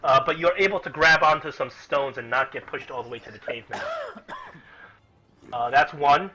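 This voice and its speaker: Running an online tabletop game, a highish-voiced man narrates at a moderate pace, explaining things casually with plenty of fillers and false starts. Crowd noise sits behind him, and the audio is muffled and lo-fi.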